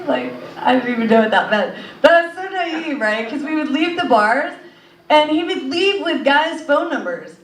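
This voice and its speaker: A young woman with a fairly high voice works through a stand-up set in a comedy club, wandering from joke to joke with plenty of "uh" and "like". The sound is roomy and a bit distant, with faint club ambience behind her. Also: normal speed, slight background noise. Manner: rambling, filler-heavy delivery. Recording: echoey club audio from a distance.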